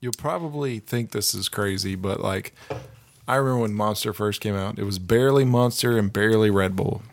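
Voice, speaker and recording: Low-voiced man, dry close sound. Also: brisk, creaky, no echo. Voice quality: loose and profane, with laughing asides. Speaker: podcast co-host. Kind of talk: casual chat.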